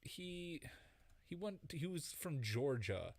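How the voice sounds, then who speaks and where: A man co-hosting a casual podcast chat, halting and reading out lists of names. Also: fairly high pitch, big pitch swings, darkish tone, no room sound. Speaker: podcast co-host.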